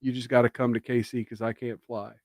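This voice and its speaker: A man's voice: medium pitch, little pitch movement, brisk, darkish tone, no echo, studio quality. A man streaming political commentary, sarcastic and emphatic, with indignant rhetorical jabs.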